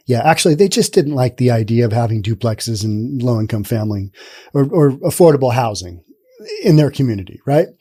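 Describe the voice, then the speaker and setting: A man's voice: a little high, warm tone. A man hosting a news commentary show, talking casually and rambling with sarcastic asides.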